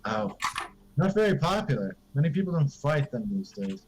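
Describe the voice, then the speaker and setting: A man voicing a calm, stubborn male shopkeeper who stays matter-of-fact and firm on price. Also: fairly high pitch, moderate pace, a little hiss or hum, low-quality recording.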